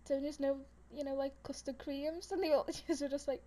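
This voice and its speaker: High-voiced, giggly young woman. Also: steady tone, moderate pace, darkish tone. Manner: rambling, giggly storytelling with many fillers. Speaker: podcast co-host. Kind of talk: casual chat.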